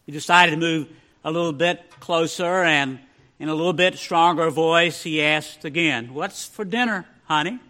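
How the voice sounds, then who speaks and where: A male pastor preaching a sermon, telling folksy humorous stories and dropping to a hush for the punchlines. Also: a little high, fairly even intonation, moderate pace.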